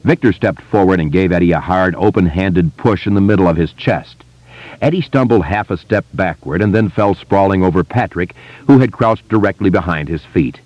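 Low-voiced guy reading an audiobook, lots of pitch movement, dry sound. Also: moderate pace, no room sound. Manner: expressive, dramatic. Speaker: narrator. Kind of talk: audiobook narration. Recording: slightly muffled dry studio.

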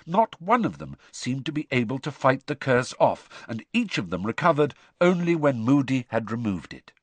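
A man narrating an audiobook in an expressive storytelling manner. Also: medium pitch, moderate pace, slightly rough, no echo. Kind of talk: scripted narration.

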